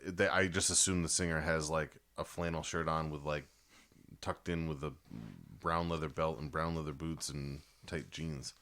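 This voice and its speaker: A man co-hosting a music podcast, talking in loud, excitable, profane banter while reviewing albums. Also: rumbling low, moderate pace. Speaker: podcast co-host. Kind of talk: casual chat reviewing albums.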